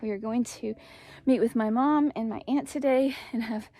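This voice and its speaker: A woman's voice: fairly high pitch, normal speed, mellow. A middle-aged woman, casually chatting in a homestead vlog while walking outdoors. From East Tennessee. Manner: chatty, rambling, upbeat. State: out of breath. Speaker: homestead vlogger.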